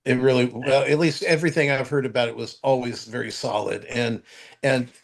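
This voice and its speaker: A man's voice: medium pitch, steady tone, fairly quick, creaky. A man co-hosting a podcast, chatting casually and listing movie trivia with frequent stumbles and restarts. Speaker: podcast co-host. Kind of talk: casual chat about movies.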